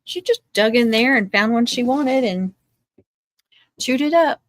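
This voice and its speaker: A woman's voice: a little high, animated, measured pace, no echo. A middle-aged woman chatting casually as she crafts on a live stream, with dry sarcastic asides. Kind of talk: casual chat while crafting. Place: home craft table.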